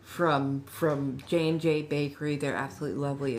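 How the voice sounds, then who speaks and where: Low-voiced Californian woman chatting on a livestream. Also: normal speed, few pauses, background noise. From Southern California. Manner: chatty, repeats herself, reads and answers chat. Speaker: ASMR livestream host. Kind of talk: casual livestream chat.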